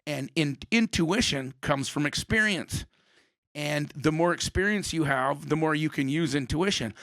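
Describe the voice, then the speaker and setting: Higher-voiced man telling stories. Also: unhurried, fairly bright tone, dry recording, clean studio sound. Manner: rambling storyteller, swears casually. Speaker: podcast host. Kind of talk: casual chat.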